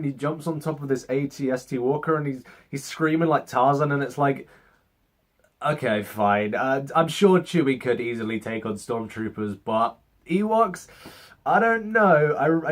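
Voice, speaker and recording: A young man giving a casual, sarcastic movie review, swearing freely and acting out scenes in mock voices. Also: a little high.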